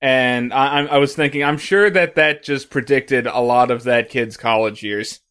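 A man's voice: mid-range voice, moderate pace, fairly bright tone, clean tone. A man from Missouri co-hosting a podcast, chatting casually, joking and swearing with stammering restarts. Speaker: podcast co-host.

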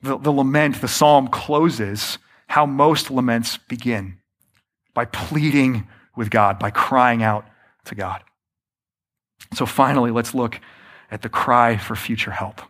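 A man preaching a sermon, often slowing down to stress his points and calling the listeners friends. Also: mid-range voice. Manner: varies pace and loudness, slows for emphasis. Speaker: pastor.

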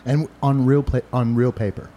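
A man's voice: mid-range voice, little pitch movement, normal speed, warm tone, lo-fi sound. A man co-hosting a podcast in casual, joking chat, laughing often. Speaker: podcast co-host.

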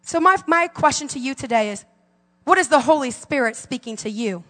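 A woman's voice: high voice, animated, brisk, fairly bright tone, in a large hall. A woman in her forties preaching a fervent sermon as pastor, calling out to her congregation in a church sanctuary. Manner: fervent preaching with call-and-response.

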